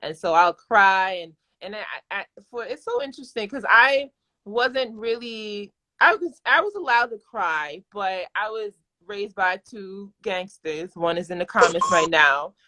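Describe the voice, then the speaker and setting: Bright-voiced effusive woman host. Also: mid-range voice, animated, measured pace. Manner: candid, effusive, restarts sentences often. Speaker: host of a live video chat. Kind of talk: casual live-stream conversation. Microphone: phone or webcam on a live video call.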